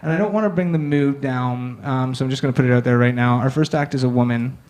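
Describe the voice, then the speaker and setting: A man hosting a comedy show, introducing the next act with sardonic, brisk banter from the stage. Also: mid-range voice, darkish tone. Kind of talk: stand-up emcee introduction. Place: comedy stage, live audience.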